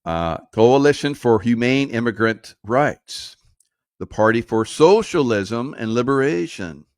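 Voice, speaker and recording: A man's voice: medium pitch, lively intonation, measured pace, darkish tone, dry recording. Sarcastic man with a dry close sound. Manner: sarcastic, laughing, mocking asides. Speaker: commentary show host. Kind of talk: casual political commentary.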